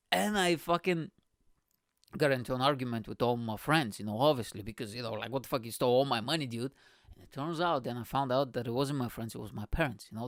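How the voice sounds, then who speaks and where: A man's voice: mid-range voice, dry recording, clean studio sound. A man, telling a childhood story as a comedian and podcast host, swearing freely and laughing at himself. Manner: animated, swearing, laughs at his own story. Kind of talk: storytelling monologue.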